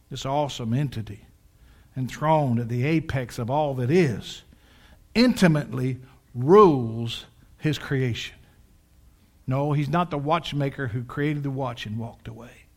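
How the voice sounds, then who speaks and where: An older male pastor preaching a sermon, swinging from quiet, drawn-out lines to loud, excited peaks, with folksy asides to the congregation. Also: medium pitch. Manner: dramatic swings from hushed to shouting, folksy asides.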